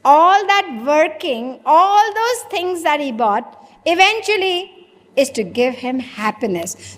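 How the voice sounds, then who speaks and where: A woman delivers a spiritual talk, questioning her listeners and playing out short dialogues. Her voice sits high. Long reverb trails every phrase, as in a large hall. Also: a bit bright. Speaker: spiritual teacher. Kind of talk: sermon.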